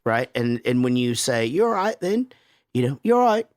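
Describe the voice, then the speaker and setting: A man's voice: mid-range voice, very animated, moderate pace, darkish tone, no echo, studio quality. A man from the Pittsburgh area, a podcast host, talking casually, swearing and laughing often. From Pittsburgh area, USA. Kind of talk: casual chat.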